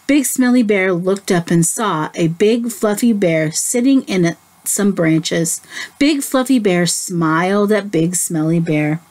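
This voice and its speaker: A woman teacher reading a picture book aloud to children, gently stopping to ask them questions. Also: mid-range voice, expressive. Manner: slow, gentle, asks the listeners questions. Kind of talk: children's story read-aloud.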